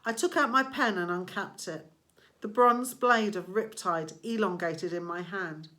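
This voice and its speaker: Brief: woman narrator, slow deliberate audiobook reading, bright tone. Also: mid-range voice. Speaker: audiobook reader. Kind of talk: scripted narration.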